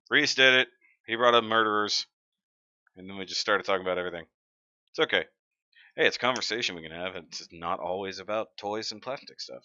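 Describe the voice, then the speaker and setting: A man's voice: sits low, sharp tone, dry recording. A man hosting a casual live stream, chatting and joking as he reads comments aloud into a desk mic. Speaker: livestream host. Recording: dry, dull lo-fi sound.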